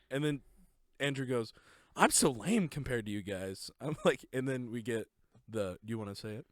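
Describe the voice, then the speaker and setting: A man's voice: medium pitch, normal speed, dry recording, studio quality. A young man co-hosting a podcast, eagerly retelling movie scenes and laughing as he goes. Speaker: podcast co-host. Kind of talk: casual movie review chat.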